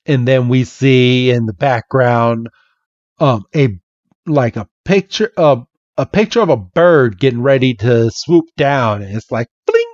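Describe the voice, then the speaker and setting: A man's voice: medium pitch, unhurried, darkish tone, dry recording, muffled recording. A man hosting a podcast and retelling a comic chapter in a chatty, casual way. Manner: chatty, laughing storyteller. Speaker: podcast host.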